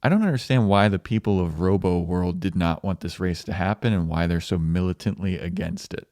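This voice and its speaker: A man co-hosting a movie review podcast in casual chat, relaxed, laughing often, with many fillers. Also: low voice, fairly quick, dry recording, studio quality. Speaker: podcast co-host.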